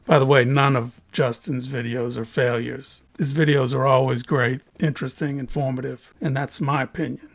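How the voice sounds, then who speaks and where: A man's voice: medium pitch, gravelly. A man who cuts opal, explaining his craft to viewers in a chatty tutorial full of jokes and self-deprecating asides. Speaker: opal cutter. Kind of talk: hobby tutorial monologue.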